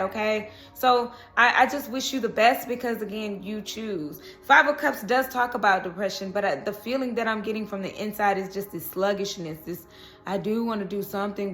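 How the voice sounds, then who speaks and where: A woman's voice: mid-range voice, a bit bright. Woman, tarot reader, casual chatty delivery, frequent check-ins, faint music under her voice. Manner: chatty, repeats "okay?" and "you know".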